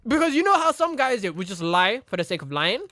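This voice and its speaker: Sitting high with big pitch swings and a sharp tone, the young man's brisk delivery carries a loose, rambling anecdote, and there's no room sound. A streamer, he performs the people in his story and often drops "you know what I mean."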